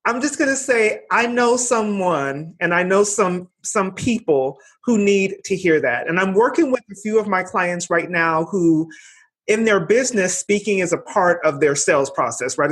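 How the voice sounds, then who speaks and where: A woman hosting a podcast interview, affirming and encouraging her guest, with frequent small laughs. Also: fairly low pitch. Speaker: podcast host. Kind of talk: conversational interview.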